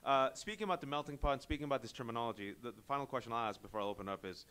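Male interviewer, animated and wry, live bookstore chat. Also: mid-range voice, clear, resonant tone. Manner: animated, joking asides, quick digressions. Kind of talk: conversational book interview. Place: bookstore event space.

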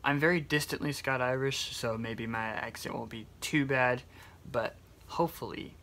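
A man's voice: mid-range voice, moderate pace, fairly bright tone. A young man talking casually to his viewers about prank calling them, laughing often. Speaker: YouTuber. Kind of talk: casual vlog talk and prank call. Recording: faint background noise.

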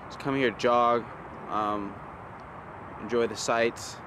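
A man's voice: mid-range voice, fairly even intonation, takes it slowly, background noise. A young man vlogging casually while walking through an outdoor park, joking and ranting in mock exasperation.

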